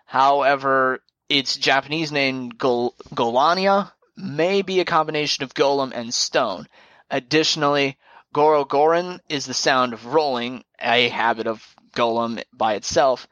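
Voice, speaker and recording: A man co-hosting a casual podcast, reading facts in an informative, measured way. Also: medium pitch, a bit bright, no echo. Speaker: podcast co-host.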